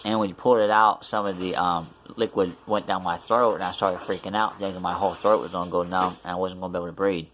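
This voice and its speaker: Low-voiced man, rambling story. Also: flat delivery, fast, few pauses, fairly bright tone, slight background noise. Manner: rambling, many fillers and restarts. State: mouth numb after tooth extraction. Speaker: vlogger. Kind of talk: casual storytelling vlog.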